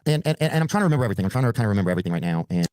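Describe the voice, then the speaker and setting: Fast-talking man with a dark voice. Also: on the low side, sing-song, clean tone, no echo. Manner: rambling, fillers, profanity. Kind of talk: casual storytelling.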